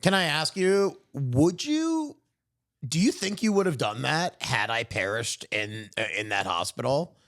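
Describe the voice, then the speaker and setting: A man's voice: medium pitch, normal speed, fairly bright tone. A man co-hosting a podcast, chatting in a wry, jokey way and explaining things plainly. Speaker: podcast co-host. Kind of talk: casual conversational chat.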